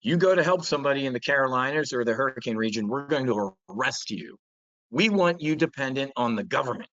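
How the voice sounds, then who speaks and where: A man's voice: mid-range voice, lively intonation, fast, fairly bright tone, no room sound, highs cut off. A man hosting a trading show, delivering blunt, profane market commentary with mocking impressions.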